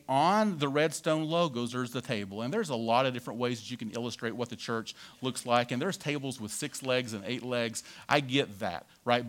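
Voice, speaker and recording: Conversational man preaching, "right?" asides. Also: mid-range voice. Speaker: pastor. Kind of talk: sermon.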